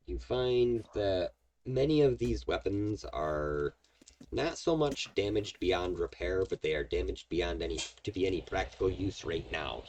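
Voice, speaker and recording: A man's voice: low voice, a little hiss or hum. A man narrating as game master in a tabletop game, rambling with many ums and restarts.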